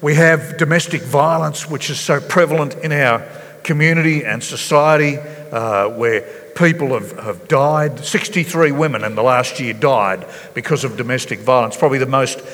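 A man preaching a sermon as pastor, earnest and halting, with many fillers and restarts. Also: mid-range voice, a bit bright, in a large hall. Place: church hall.

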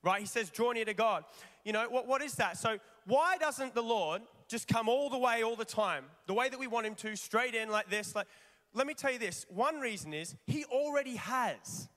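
A man with a notably high voice preaches a lively, conversational sermon, firing rhetorical questions at his congregation. His voice rings out with the long reverb of a large church hall. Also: normal speed.

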